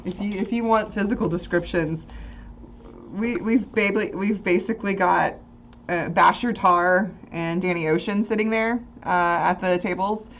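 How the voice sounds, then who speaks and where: A woman narrating a tabletop game as game master, relaxed and folksy, often laughing. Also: on the low side, measured pace, a little hiss or hum.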